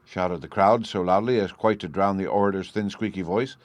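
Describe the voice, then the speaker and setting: A man narrating an audiobook in a steady, measured storytelling style. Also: deep voice, dry recording.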